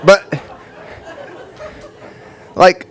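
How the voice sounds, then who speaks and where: A comedian telling a casual first-person story on stage, talking quickly and leaning on "like". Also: male voice, fairly bright tone, dry recording, some chatter behind. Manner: casual, quick and chatty, leans on "like". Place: storytelling event stage before a crowd.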